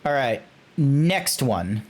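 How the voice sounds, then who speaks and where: A man's voice: medium pitch, big pitch swings, extremely slow. Rambling man streaming live. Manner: rambling, restarts, swears and laughs often. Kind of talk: casual live-stream commentary.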